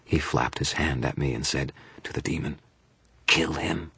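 Male audiobook narrator, grim and dramatic, extremely deep and gravelly-husky, dry. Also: steady tone, moderate pace, a bit bright, dry recording. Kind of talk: first-person fantasy audiobook narration.

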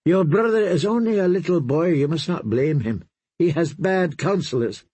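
A man's voice: a little high, lively intonation, normal speed, a little mellow, slightly rough, dry recording, voice pushed up. A man reading an audiobook, voicing a proud young princess who speaks in a poised, persuasive way.

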